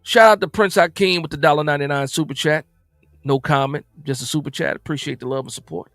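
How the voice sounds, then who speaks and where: Slightly high and fairly bright, the man's voice moves at a quick pace with fairly even intonation, in a dry, clean studio recording. Hosting a casual football recap stream, he reads out chat comments and replies conversationally and forcefully, often repeating himself.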